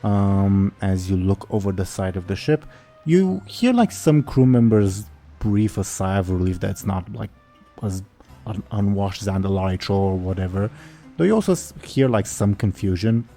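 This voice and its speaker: A man's voice: sits low, animated, normal speed, warm tone, faint music behind. A young man running a tabletop game as game master, rambling with hesitant fillers.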